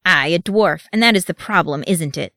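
A woman voicing a proud, angry male dwarf warrior who speaks loud and forceful in dialect, recorded dry and close. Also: fairly low pitch, normal speed, no room sound, natural voice. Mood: defiant.

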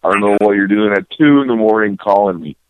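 A man answering a late-night prank call, blunt, gruff and irritated. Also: fairly low pitch, quick pace, a crowd in the background. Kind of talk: annoyed phone conversation. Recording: dull phone line.

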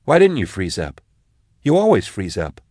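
A man voicing a frightened, sharp-tongued young woman in an audiobook, snapping and sarcastic. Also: lowish voice, huge pitch swings, normal speed, no echo, clean studio sound. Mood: snappish. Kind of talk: audiobook character voice.

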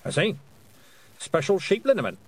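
A man's voice: high-pitched, wildly swooping pitch, normal speed, breathy edge, dry recording, voice pushed up, exaggerated voice. A man voicing a stern, imperious elderly woman witch who speaks in curt, clipped questions.

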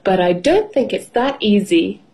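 Here is a gentle, steady mother pig who will not back down from a challenge, as a woman puts her on while reading a storybook. Her speech is slow and unhurried, with a lively rise and fall. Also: mid-range voice. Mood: confident. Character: kind, determined mother pig.

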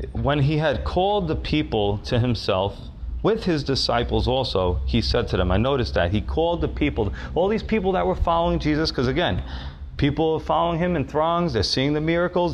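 A man preaching a sermon in a loose, conversational way, full of fillers and restarts, dropping low and slow to stress a point. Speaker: pastor.

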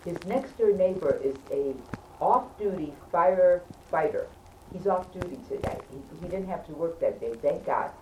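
A lowish-voiced woman, animated storyteller, recorded from a distance in an echoey room. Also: moderate pace. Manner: animated, emphatic, keeps checking in with listeners. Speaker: storyteller among friends. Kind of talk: casual anecdote. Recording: roomy, distant, faint background hum.

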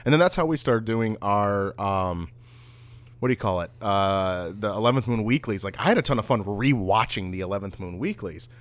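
A man co-hosting a laid-back conversation, his voice sitting somewhat low. He often stumbles into sentences before settling. The delivery is easygoing and unscripted. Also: moderate pace. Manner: relaxed, stumbling starts. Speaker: podcast co-host. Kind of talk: casual chat.

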